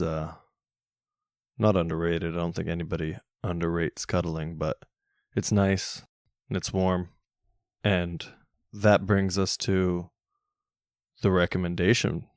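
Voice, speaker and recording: Low gravelly man rambling on a podcast. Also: no room sound, clean studio sound. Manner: rambling, jokey, self-mocking with crude humor. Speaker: podcast host. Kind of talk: solo casual podcast monologue.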